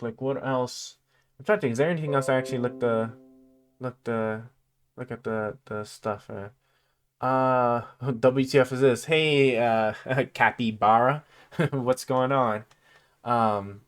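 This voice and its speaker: A man hosting a casual live stream chat, thinking aloud with lots of fillers and sometimes reading text aloud. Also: mid-range voice. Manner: reads text aloud haltingly. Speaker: livestream host.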